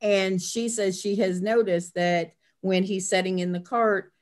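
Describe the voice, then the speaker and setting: An older woman, a grandmother, chatting as a guest in an interview and telling a family story in a casual, animated way. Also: a little slow. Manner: chatty, acts out family quotes with lively pitch jumps. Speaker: guest, herbal blend maker.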